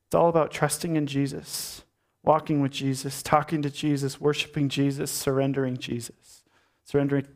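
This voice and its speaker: A man preaching a sermon as a pastor, earnest, with repeated phrases and rhetorical questions, sometimes dropping to a soft, low delivery. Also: level tone, normal speed.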